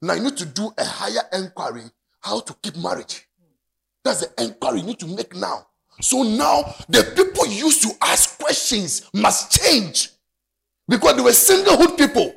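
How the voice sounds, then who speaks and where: A man with a Ghanaian English accent preaching a sermon to a congregation in a church, with an animated, sing-song delivery. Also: high-pitched, moderate pace, vocal fry. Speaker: pastor.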